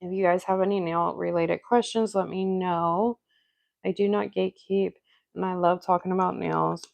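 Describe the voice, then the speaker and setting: A woman's voice: fairly low pitch, fairly even intonation, brisk, creaky, a little mellow, no echo. A young woman with a cold and a congested voice, hosting a casual livestream, chatting and greeting viewers by name. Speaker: livestream host doing nail art.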